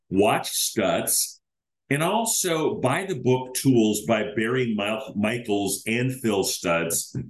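A man with a lowish voice hosts a casual solo podcast. He rambles along in a chatty way, full of fillers and restarts. He is recorded in a room with a noticeable echo. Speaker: podcast host. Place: home setup in Iowa.

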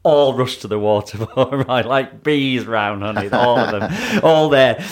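A man's voice: medium pitch, animated, unhurried. A man co-hosting a chatty podcast, with a voice that swings up and down as he tells a story. He laughs often as he talks. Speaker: podcast co-host, primary school teacher. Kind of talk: casual chat.

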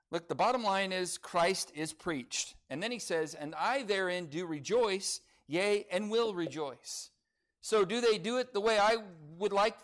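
A man pastor preaching a sermon in a conversational way, full of asides like "look" and "okay?", swinging from loud emphasis to soft remarks. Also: sits high.

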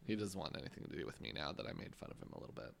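A man's voice: very deep voice, very animated, very fast, creaky, crowd noise. A man co-hosting a casual podcast, chiming in with teasing jokes. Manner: teasing, joking banter. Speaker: podcast co-host. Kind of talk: casual chat.

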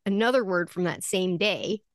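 A woman's voice: on the low side, moderate pace, dry recording, clean studio sound. A woman co-hosting a podcast in casual chat, curious and musing aloud with questions. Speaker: podcast co-host.

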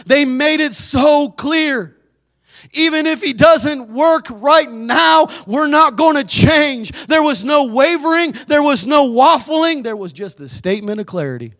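A man's voice: very high voice, measured pace, fairly bright tone. A man preaching a sermon in an emphatic, exhorting way, with dramatic bursts. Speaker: pastor.

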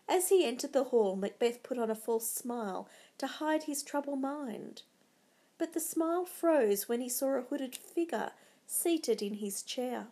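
A woman narrating a storybook in a dramatic, measured way. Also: sits high, lively intonation, warm tone.

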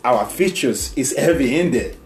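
A man from Nigeria with a Nigerian accent, telling stories in a rambling, animated casual chat and laughing often. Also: mid-range voice, normal speed. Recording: echoey room, faint music.

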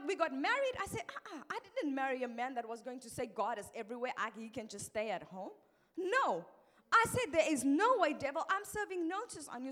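Emphatic high-voiced woman preaching. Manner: lively, emphatic, quotes others in changed voices. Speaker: pastor's wife preaching. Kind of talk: sermon.

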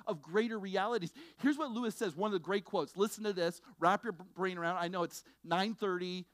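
Animated preaching man, dry close sound. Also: dry recording. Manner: animated preaching, swinging between loud bursts and low intense passages. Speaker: pastor. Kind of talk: sermon. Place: church sanctuary.

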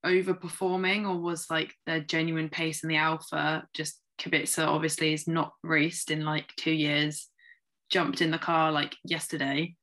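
A woman's voice: deep voice, little pitch movement, normal speed, fairly bright tone. A woman co-hosting a casual chat, thoughtful and reasoning aloud with many fillers.

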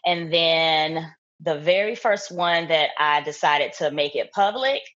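A young woman talks about her work in a relaxed interview, chatty and quick to laugh. Her voice sits a little low and comes through husky. The recording is slightly dull and lo-fi. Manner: laughs often, animated and chatty. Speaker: guest, content creator. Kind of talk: casual interview chat.

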